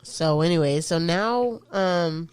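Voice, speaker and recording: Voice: mid-range voice, slow pace, smooth, no echo. A podcast co-host casually recapping a movie plot, with fillers. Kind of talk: casual movie review chat.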